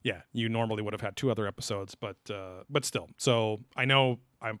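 A man's voice: fairly low pitch, brisk, fairly bright tone, clean tone, no room sound, clean studio sound. Rambling, joking man co-hosting a podcast. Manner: rambling, joking, many fillers and restarts. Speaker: podcast co-host. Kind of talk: casual podcast chat.

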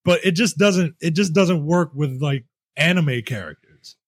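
A man with a husky, slightly breathy voice chats loosely about video games, laughing often and swearing here and there. The sound is dry and close, with no room around it. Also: fairly high pitch, measured pace, dry recording. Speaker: podcast co-host. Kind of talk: casual chat.

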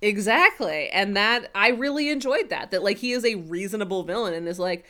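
A woman talking casually on a podcast, retelling scenes from an episode. She keeps slipping into the characters' lines as she tells it, with plenty of fillers and an animated delivery. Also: mid-range voice, fairly quick, hardly any pauses. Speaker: podcast co-host. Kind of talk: casual recap chat.

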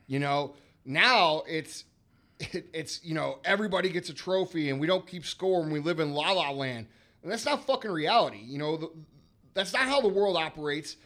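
A man's voice: a little high, normal speed, bright, forceful tone. A man in his thirties hosting a podcast, telling stories in an emphatic, profane, casual way. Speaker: podcast host.

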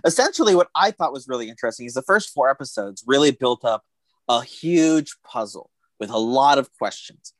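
A man of ordinary pitch chats casually, spinning out long animated stretches and slipping into quoted asides. His voice sits close and dry on the mic, with no room sound around it. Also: fairly quick, dry recording. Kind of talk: casual chat about TV shows.

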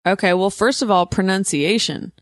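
A woman's voice: mid-range voice, normal speed, dry recording, studio quality. A woman hosting a podcast in casual chat, laughing and muttering words over to herself as she doubts them. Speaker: podcast host.

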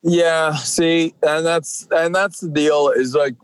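A man's voice: fairly high pitch, fairly even intonation, takes it slowly, clear, resonant tone, low-quality recording. A man in his forties, a professional wrestler guesting on a podcast, talking casually and rambling with many fillers and restarts. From Atlantic Canada.

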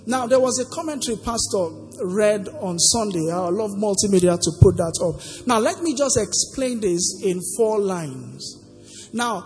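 A man's voice: high voice, darkish tone. A man preaching a sermon, asking the congregation to finish the verses with him. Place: church sanctuary. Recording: long hall reverb with faint music.

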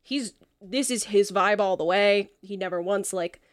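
A woman's voice: mid-range voice, unhurried, no room sound, clean studio sound. A woman narrating as game master in a casual, loose tabletop session. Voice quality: casual, filler-heavy narration.

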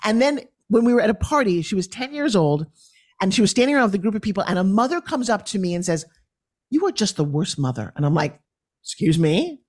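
A woman's voice: mid-range voice, animated, quick pace, a little mellow. A middle-aged woman, a podcast guest, telling parenting stories and acting out the voices of her children and others. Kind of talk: conversational storytelling.

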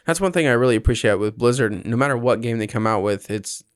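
A man's voice: medium pitch, lively intonation, quick pace, no room sound, studio quality. A man in a casual gaming chat, easygoing and agreeable, swearing now and then.

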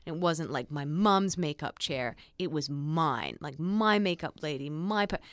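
A woman's voice: sits low, expressive, a little slow, fairly bright tone, no room sound, studio quality. A young woman with an Australian accent, chatting as a guest in an interview, full of "like" fillers and restarts. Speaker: guest actress. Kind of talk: casual interview chat.

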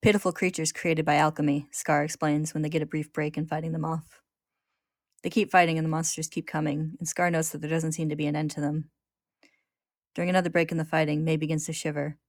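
A woman hosting, narrating a story recap in a steady, descriptive way. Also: low-pitched, brisk, no echo, clean studio sound.

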